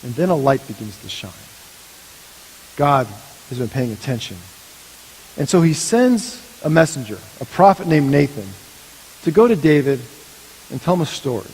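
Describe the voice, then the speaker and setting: Pastor, male, husky tenor-ish voice; dramatic sermon storytelling with hushed emphasis; long hall reverb. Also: fairly high pitch, big pitch swings, normal speed, pauses often.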